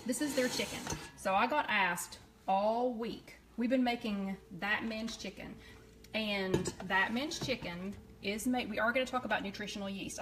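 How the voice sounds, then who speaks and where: A woman's voice: mid-range voice, fairly bright tone, slight background noise. A woman with a Southern US accent talks her way through a live cooking stream. Her chatter is loose and rambling as she cooks and plates food. She sounds like she is in a home kitchen. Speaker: cooking show host. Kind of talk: casual live-stream chat.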